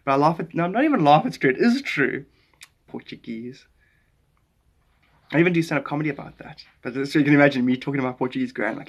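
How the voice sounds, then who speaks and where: A South African man chatting casually on a live stream, rambling and animated as he jumps between ideas. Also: fairly high pitch, fast, highs cut off.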